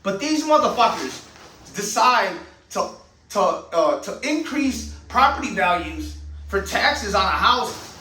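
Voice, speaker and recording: A man's voice: sits high, big pitch swings, takes it slowly, sharp tone, echoey room, far from the mic, low-quality recording. A man, a channel host and veteran, delivering a heated, profane monologue full of rhetorical questions. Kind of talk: ranting monologue.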